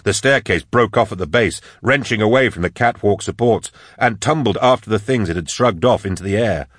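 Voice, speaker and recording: A man reading an action audiobook in a steady, dramatic scripted narration. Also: fairly low pitch, fairly quick, dry recording, studio quality.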